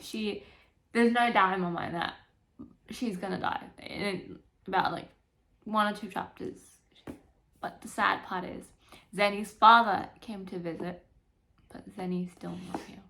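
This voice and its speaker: A young woman chatting casually in a book vlog, animated and emotional, swearing freely as she gushes about characters. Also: mid-range voice, unhurried, creaky, long pauses, slight background noise. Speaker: book vlogger. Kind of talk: casual chat.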